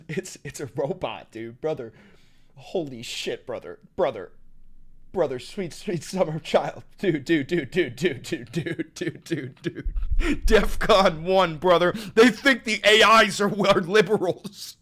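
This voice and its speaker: A man live-streaming and reacting to his chat, excitable and profane, bursting into shouts and repeating words in rapid strings. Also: on the high side.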